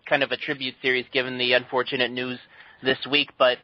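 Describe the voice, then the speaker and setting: A man's voice: medium pitch, monotone, fast talker, no echo, highs cut off. A man co-hosting a casual gaming podcast, chatty and self-deprecating. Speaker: podcast co-host. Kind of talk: casual panel chat.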